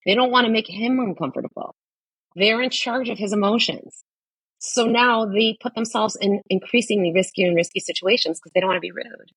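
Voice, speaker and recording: A woman's voice: mid-range voice, fairly quick, fairly bright tone, breathy edge, no echo, rough recording. A woman, a psychotherapist guest on a podcast, talking emphatically and often repeating her key points. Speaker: guest, social worker and psychotherapist. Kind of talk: podcast conversation.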